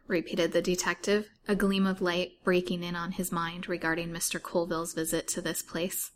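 A woman reads a novel aloud in a steady, measured voice, pitched a bit low. A faint hiss sits under the recording. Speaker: storyteller.

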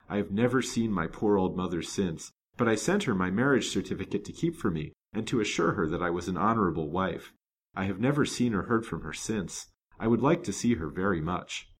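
A man's voice: low-pitched, expressive, a little fast, slight background noise. Frail grateful invalid woman, read by a man. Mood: wistful. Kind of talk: storybook reading.

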